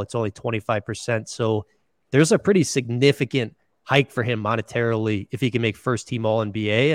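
Homem falando de forma casual e reflexiva. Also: male voice, medium pitch, no echo. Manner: thoughtful, hedging with "you know, like". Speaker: guest, beat writer. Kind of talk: casual podcast interview.

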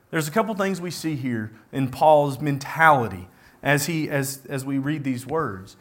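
A man's voice: fairly high pitch, expressive, measured pace, fairly bright tone. A man preaching a sermon, earnest and repetitive for emphasis as he reads scripture aloud.

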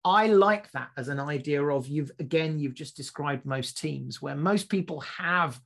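A podcast co-host tells stories in a lively, casual manner, frequently restarting and repeating words while he thinks. His voice is a little high and creaky, and his pace is measured.

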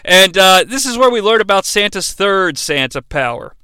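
Sarcastic, high-voiced movie reviewer guy. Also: moderate pace, clear, resonant tone, dry recording. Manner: profane, sarcastic, and animated, with frequent voices.

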